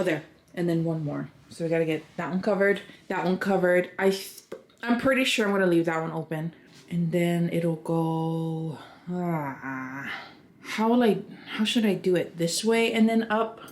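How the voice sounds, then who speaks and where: A young woman narrates her own home vlog in a loose, chatty way, thinking aloud as she goes. Her voice sits a little low. It is recorded on a small camera at home, with steady noise clearly heard underneath. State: out of breath at times. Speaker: vlogger. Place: at home, moving through rooms. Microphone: handheld camera.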